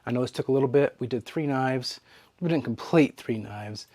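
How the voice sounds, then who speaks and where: A man hosting a knife sharpening channel, talking casually to his viewers in a relaxed, chatty way while he works. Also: mid-range voice, moderate pace, no echo. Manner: relaxed and chatty, with fillers and trailing asides. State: hiccups. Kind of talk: casual demo talk to camera.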